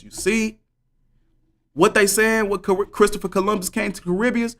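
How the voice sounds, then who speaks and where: A man's voice: high-pitched, fairly even intonation, moderate pace, a bit bright. A man livestreaming, talking fervently and preachily straight to his viewers in slangy speech that repeats points for emphasis. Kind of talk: live stream commentary.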